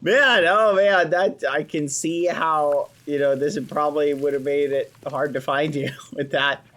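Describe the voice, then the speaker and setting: A man's voice: a little high, steady tone, measured pace, a bit bright. A young man streaming an in-character roleplay on a game server, gasping and exclaiming with joy on a close mic.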